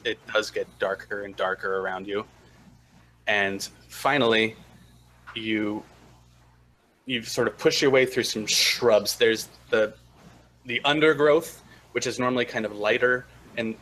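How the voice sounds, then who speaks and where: Low-voiced male game master, slow and halting as he describes scenes. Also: fairly bright tone, poor audio. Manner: halting, with frequent restarts and fillers. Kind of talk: narrating a tabletop game.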